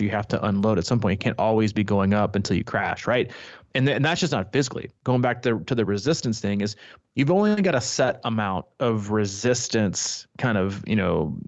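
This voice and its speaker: A man's voice: fairly low pitch, no room sound, highs cut off. A man coaching triathletes, talking in a rambling casual way with frequent restarts. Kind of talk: casual podcast chat.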